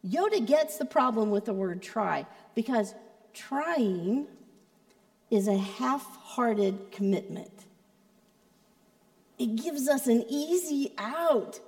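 A woman with a high voice delivers a sermon at an unhurried pace, chatting with the crowd and tossing in playful asides. Her words ring out with a long reverb, as in a big church auditorium. She preaches like a friendly creative arts pastor. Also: lively intonation, darkish tone.

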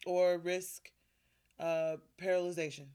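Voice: mid-range voice, little pitch movement, slow pace, a little mellow, smooth. A host on a casual talk show, amused and wry, summing up the lesson of a guest's story.

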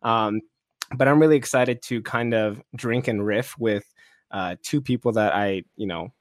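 A man hosting a casual podcast chat, laid-back and quick to laugh, with plenty of fillers. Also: on the low side, no room sound, studio quality. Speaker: podcast host.

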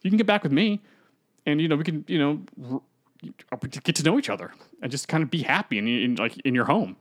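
A man's voice: fairly high pitch, animated, brisk, natural voice. A man doing a coaxing demon father. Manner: coaxing, soft and persuasive. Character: smooth-talking demon father, male, scheming.

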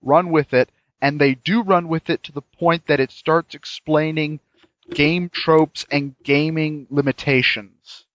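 A man's voice: a little high, fairly even intonation, unhurried, fairly bright tone, a little hiss or hum. A man chatting casually and enthusiastically about a game, rambling with frequent restarts, on dull lo-fi audio. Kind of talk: casual chat reviewing a game.

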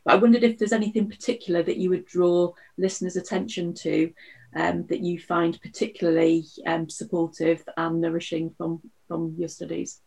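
A woman hosting a podcast, asking questions in a soft-spoken, tentative way with small hesitations. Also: fairly low pitch, little pitch movement, normal speed, vocal fry, breathy edge, low-quality recording. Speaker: podcast host.

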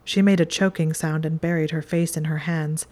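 A woman reading a chapter of fan fiction aloud in a calm, steady narration. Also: low-pitched, moderate pace. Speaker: audiobook reader. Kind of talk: scripted narration.

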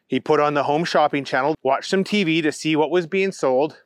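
Man, playful storybook narrator, slightly high voice, dry close recording. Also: a little fast, clear, resonant tone, no room sound.

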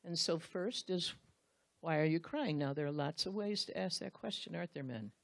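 A woman Bible teacher gives a sermon, speaking earnestly and directly to the husbands present and acting out the quotes she reads. Her voice is lowish with vocal fry, fairly quick, and recorded without echo.

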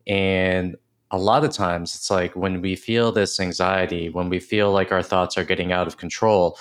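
A man hosting a casual podcast interview, thoughtful and halting, often restarting his sentences. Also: sits low, steady tone. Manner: reflective, hesitant with many restarts. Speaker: podcast host.

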